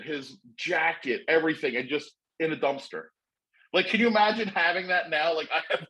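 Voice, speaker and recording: A man's voice: a little high, fairly bright tone, rough recording. A middle-aged man telling a long story in casual chat, rambling and profane with lots of fillers.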